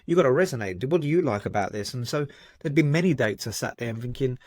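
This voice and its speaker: A man from Southend speaking as a podcast guest, telling personal stories in a lively, unfiltered way. He swears freely and keeps checking in with "right?" and "you know what I mean?". His voice sits at a middling pitch and is recorded close and dry. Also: quick pace, no echo. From Southend, England. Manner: lively storytelling, frequent swearing and "right?" tags. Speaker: guest psychotherapist. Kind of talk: candid podcast conversation.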